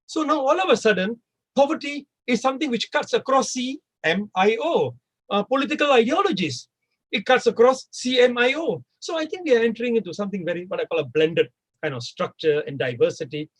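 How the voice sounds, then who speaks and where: A man speaking on a discussion panel, animated and full of questions, sometimes voicing imagined speakers. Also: very high voice, brisk, husky, low-quality recording. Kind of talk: discussion talk.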